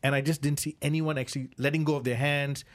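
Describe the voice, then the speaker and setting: A man's voice: fairly high pitch, flat delivery, quick pace. Chatty male radio co-presenter. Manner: chatty, rambling with many "you know" fillers. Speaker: regular car show co-presenter. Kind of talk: casual radio chat. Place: radio studio.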